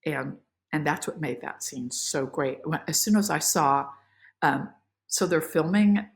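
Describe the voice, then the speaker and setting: An actress as a podcast guest, telling emotional behind-the-scenes stories in a lively, filler-filled way. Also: female voice, low-pitched, a little slow, creaky. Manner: animated, emotional, many fillers. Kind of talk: casual interview storytelling.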